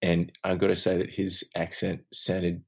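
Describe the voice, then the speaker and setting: A man from Australia talks casually in a low register, spinning animated stories. He laughs readily between lines. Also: unhurried, husky. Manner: animated storyteller, laughs often. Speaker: actor, podcast co-host. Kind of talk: casual chat.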